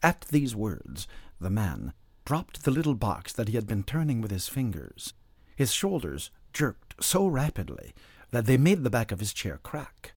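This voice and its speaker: A man reading a classic novel aloud as an audiobook narrator, in a measured storytelling manner. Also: mid-range voice, wildly swooping pitch, breathy edge, no echo.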